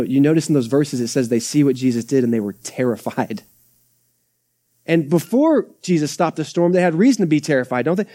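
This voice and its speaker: A young Texan pastor delivers a conversational sermon in a church sanctuary, acting out quotes and tossing in asides. His voice is medium-pitched and mellow.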